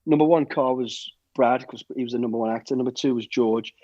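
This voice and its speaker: Lively middle-aged storyteller. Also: male voice, mid-range voice, fairly quick, dry recording, dull audio. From United Kingdom. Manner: lively storyteller, repeats words, acts out quotes. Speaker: guest, former soldier and bodyguard. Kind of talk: anecdotal storytelling.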